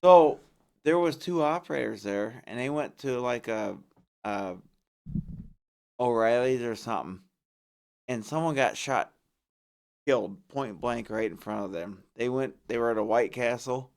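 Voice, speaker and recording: A man's voice: medium pitch, a little slow, vocal fry, pauses often, a little mellow. A male podcast guest chatting casually, starting over as he recalls events. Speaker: podcast guest, pile driver. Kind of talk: casual chat.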